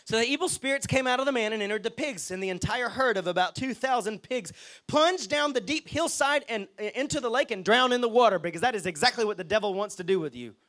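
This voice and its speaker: A man preaching a lively sermon as pastor, often checking in with the congregation. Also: extremely high pitch, quick pace. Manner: lively, chatty, asks the crowd okay and right.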